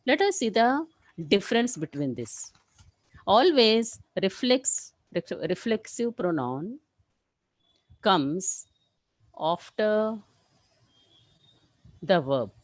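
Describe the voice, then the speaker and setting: A woman teaching a live English grammar class, explaining rules step by step and often checking with "clear?". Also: mid-range voice, sing-song, slow, long pauses, no echo, low-quality recording.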